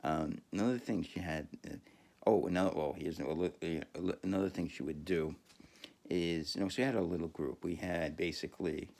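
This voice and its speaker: Man podcaster, very low gravelly voice, rambling profane monologue with lots of ums and self-laughs. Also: steady tone, moderate pace, a little mellow. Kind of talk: casual monologue storytelling.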